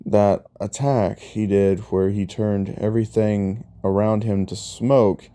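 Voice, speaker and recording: A calm male doctor , as a man reads him out explains in a measured way. His voice is slow, low, and very dark and mellow.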